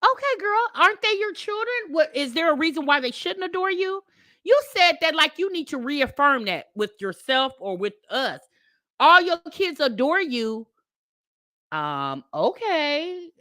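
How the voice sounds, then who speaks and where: A woman hosts a reaction commentary, her voice high and swinging widely in pitch. She talks in a sassy, mocking way and breaks into loud outbursts, with a bright edge, recorded dry and close. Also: sing-song, moderate pace, dry recording. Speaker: reaction video host. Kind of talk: commentary on a played clip.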